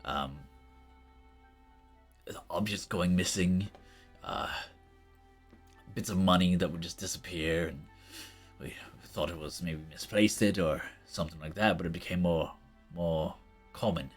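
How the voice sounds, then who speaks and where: A man voicing a gruff, weary half-orc sailor who talks in a halting, apologetic way. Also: deep voice, heavily acted. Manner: halting, apologetic, worn-down talk. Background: faint background music.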